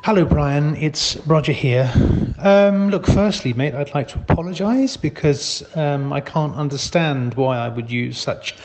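Slow, hesitant man. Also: on the high side, animated, a little hiss or hum. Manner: slow, hesitant, full of ums, matter-of-fact. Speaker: friend leaving voicemails. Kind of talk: comic voicemail sketch.

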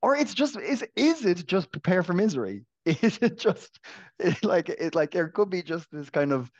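Higher-voiced man, laughing chatty co-host. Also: very animated, normal speed, lo-fi sound. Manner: joking, laughs often, many restarts. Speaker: podcast co-host. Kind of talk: casual podcast chat.

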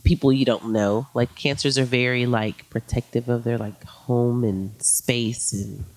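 A woman's voice: a bass voice, steady tone, a little slow, a little mellow, a little hiss or hum, rough recording. A woman co-hosting a casual chat, teasing and blunt and swearing freely.

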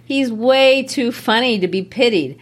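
A woman's voice: a little high, unhurried. Woman analyzing a play, amused. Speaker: podcast co-host discussing a play. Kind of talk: casual literary discussion.

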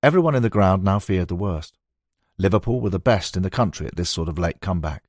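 A man reading a nonfiction book aloud in a measured, storytelling manner. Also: sits low, expressive, a little mellow, dry recording, clean studio sound. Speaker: audiobook narrator. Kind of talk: scripted nonfiction narration.

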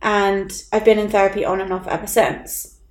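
A woman's voice: mid-range voice, flat delivery, moderate pace. Chatty swearing woman podcaster, echoey room. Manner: chatty storyteller, acts out quotes, swears, laughs often. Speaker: podcast co-host. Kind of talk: casual chat.

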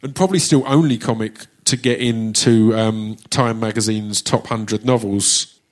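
A man's voice: lowish voice, fairly even intonation, a little slow. A man with an Essex accent hosting a live audience Q&A on stage, chatting casually, joking, swearing and restarting his sentences. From Essex, England. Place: theatre stage at a live book launch.

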